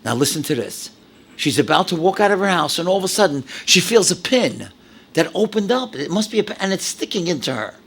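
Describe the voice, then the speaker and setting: A man in his seventies from New York, a rabbi telling stories in a dramatic, animated lecture. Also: sits high, a little fast, gravelly, husky. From New York, USA. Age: 70s. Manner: animated, dramatic storyteller with sudden drops and exclamations. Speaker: rabbi, speaker. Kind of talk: storytelling lecture to an audience.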